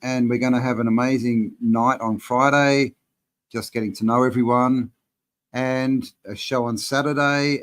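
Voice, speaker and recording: Aussie guy on a live stream, easygoing and rambly, mid-pitched voice, keeps calling people man and bro. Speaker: channel host answering live chat.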